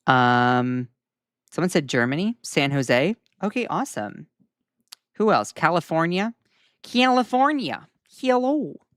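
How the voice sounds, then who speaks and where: A man's voice: medium pitch, slow pace, no room sound. Chatty young man, dry sound. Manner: chatty and animated, reacting to viewer comments. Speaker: news commentary host. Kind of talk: casual live-stream commentary.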